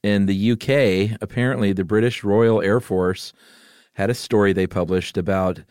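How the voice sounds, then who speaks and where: A man's voice: lowish voice, steady tone, normal speed, a little mellow, smooth, no room sound, studio quality. A man hosting a podcast, telling a story in a casual joking way. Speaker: podcast host.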